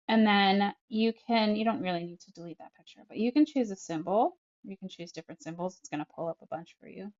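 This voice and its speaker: Muffled audio captures a woman speaking at medium pitch with a slightly mellow quality. A speech-language pathologist, she chats her way through an app tutorial step by step, calling out each tap and leaning heavily on fillers.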